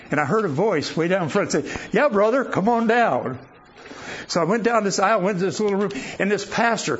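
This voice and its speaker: An older man giving a guest sermon, telling personal stories in a folksy, chuckling way. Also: high-pitched. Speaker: guest preacher. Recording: dull lo-fi recording with faint noise.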